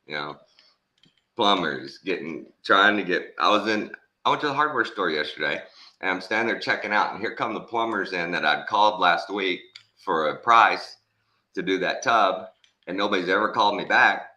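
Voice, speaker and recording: A man's voice: low voice, animated, normal speed, pushed and bright. An older man with a Texan accent, casually chatting and telling stories. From Texas. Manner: storytelling, acting out voices in his anecdotes. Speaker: host. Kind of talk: casual chat.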